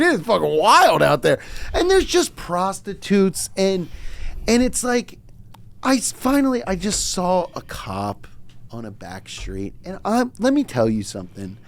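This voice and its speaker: A man hosting a podcast, telling a story in casual comedic chat, swearing and jumping up to shouted outrage. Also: high voice, big pitch swings, moderate pace, creaky. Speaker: podcast host.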